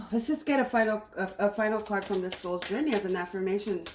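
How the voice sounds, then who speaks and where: An upbeat woman doing a casual tarot reading, talking straight to her viewers with lots of repetition and encouragement. Her voice sits at a middle pitch and carries a roomy echo, with a faint hiss of noise behind it. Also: brisk. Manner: upbeat, enthusiastic, repeats herself. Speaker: tarot reader. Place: home room, cooking on stove nearby. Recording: echoey room with faint noise.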